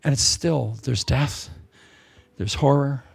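A middle-aged man preaching a sermon, swinging between loud shouts and soft, hushed storytelling. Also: medium pitch, slow, vocal fry, breathy edge, dry recording. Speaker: pastor.

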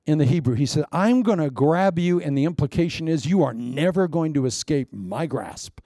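An animated male preacher who peppers his sermon with rhetorical questions and chuckles. His voice sits a bit high with a warm, mellow tone. The sound is dry and close. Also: a little fast, dry recording.

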